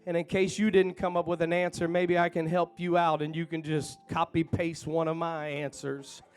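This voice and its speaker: A man preaching a sermon in a church, trading folksy, chatty asides to the congregation for fervent, shouted refrains. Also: fairly high pitch, little pitch movement, moderate pace, clear, resonant tone, soft background music.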